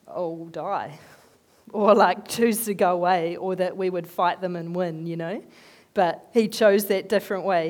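A woman giving a conversational sermon, telling animated, chatty stories in an everyday voice. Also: fairly low pitch. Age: adult, working as a head teacher. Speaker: lay speaker giving a talk.

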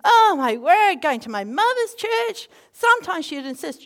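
A woman preaches in a loose, storytelling way, acting out little scenes as she goes. Her voice sits high, and it swings between loud bursts and quiet asides. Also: measured pace. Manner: animated, acts out quotes in voices, laughs. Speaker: speaker. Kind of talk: informal sermon with storytelling.

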